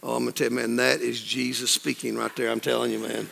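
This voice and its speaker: A man's voice: mid-range voice, little pitch movement, quick pace, vocal fry, fairly bright tone, in a large hall, slight background noise. A pastor in his fifties preaching a folksy sermon to his congregation, acting out other people's voices along the way. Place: church sanctuary.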